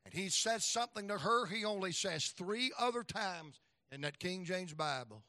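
Folksy preacher man, bright voice. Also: high-pitched, animated, normal speed, no room sound, studio quality. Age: middle-aged. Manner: folksy storytelling, acts out voices, swings loud and soft. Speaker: evangelist preacher. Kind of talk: sermon.

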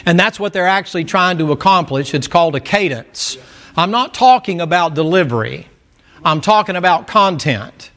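A man's voice: sits high, expressive, moderate pace, a bit bright. A male preacher delivers a sermon in a folksy, storytelling manner. He makes emphatic asides to his listeners, and his voice sits a little above the middle for a man.

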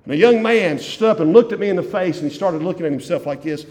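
Fervent pastor preaching. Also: male voice, sits high, animated, fast. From West Virginia, USA. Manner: fervent, repeats key phrases, swings from loud to hushed. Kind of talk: evening sermon. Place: church sanctuary. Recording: long church hall reverb.

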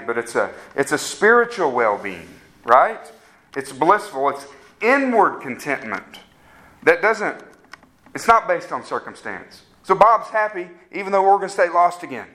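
A man's voice: on the high side, pushed and bright. A man preaching a sermon, conversational and asking the congregation questions. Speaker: pastor.

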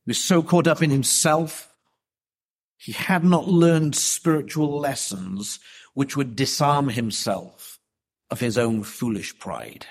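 A man preaching an expository sermon, emphatic and deliberate, with rhetorical questions. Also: medium pitch, slightly rough.

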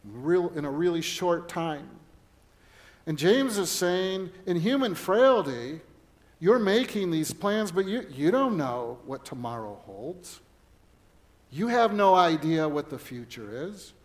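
Middle-aged male pastor with a high voice, earnest sermon delivery with stories. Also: lively intonation, slow. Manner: earnest preaching mixed with personal storytelling.

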